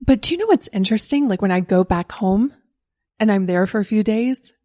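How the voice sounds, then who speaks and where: A woman's voice: mid-range voice, lively intonation, a little fast, dark tone. Candid encouraging woman podcast host. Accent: neutral American, faint Southern. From Southern United States. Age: 40s. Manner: candid and encouraging, laughs often. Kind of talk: solo podcast monologue.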